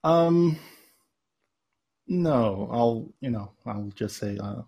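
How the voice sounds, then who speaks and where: A man's voice: mid-range voice, expressive, extremely slow, vocal fry, dark tone, slightly rough. A man playing as a squad sergeant in a tabletop role-playing game, talking hesitantly with many fillers. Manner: hesitant, filler-heavy speech. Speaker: player.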